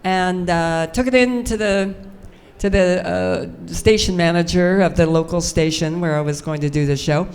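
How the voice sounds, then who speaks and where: A woman's voice: on the low side, steady tone, normal speed, darkish tone, smooth. An older woman telling anecdotes as a guest on a convention panel, chatty and self-mocking. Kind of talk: storytelling on a fan panel. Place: convention stage before a live audience.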